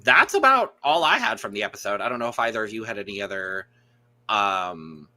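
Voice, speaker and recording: A man's voice: fairly low pitch, very animated, brisk, sharp tone. A man hosting a casual podcast chat, talking loosely with lots of fillers and blunt remarks. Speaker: podcast host.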